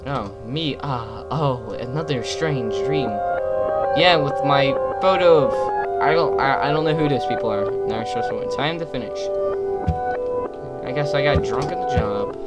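In this poor-quality audio, a medium-pitched man speaks a little slowly as he streams a let's play of a horror game. Loud game music plays behind his profane muttering and startled yelps whenever something jumps out.

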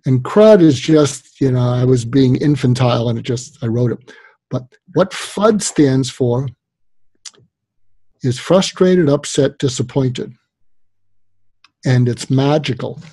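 A man with a husky, mellow voice explains his advice as an interview guest. He talks in an animated, emphatic way with plenty of "you know" fillers. The recording is dry and close. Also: medium pitch, no echo. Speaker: guest psychologist and author.

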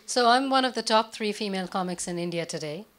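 Deadpan woman stand-up, middle voice, noisy clicky club recording. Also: medium pitch, fast talker. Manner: deadpan delivery. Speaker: stand-up comedian. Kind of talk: stand-up comedy set.

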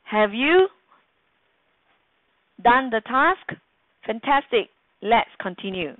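This recorded grammar lesson features a woman teacher, Singaporean English accent, who patiently quizzes the class and performs quoted lines aloud. She speaks slowly in a fairly high voice with lively intonation. The audio is dry and tinny, like a phone.

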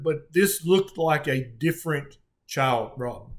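A middle-aged man with a fairly high speaking voice. He tells a patient story earnestly, with feeling and frequent restarts, as a physician in conversation. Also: takes it slowly, few pauses. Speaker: physician guest.

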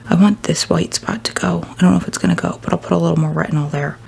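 A woman in her thirties chatting casually to the camera at home in a video diary, sometimes dropping to a hushed whisper. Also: on the low side, fairly even intonation, fast talker, gravelly, hardly any pauses, slight background noise. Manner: chatty, self-narrating. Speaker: vlogger.

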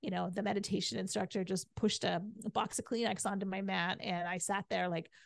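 A woman's voice: medium pitch, steady tone, fairly quick, creaky, no room sound. Middle-aged female podcast guest; candid, chatty storyteller; dry, close mic. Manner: chatty, frequent "right?" and "like".

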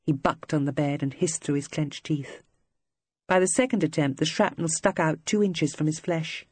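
An audiobook narrator reading scripted literary prose in a measured, even manner. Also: medium pitch, husky, no echo, studio quality.

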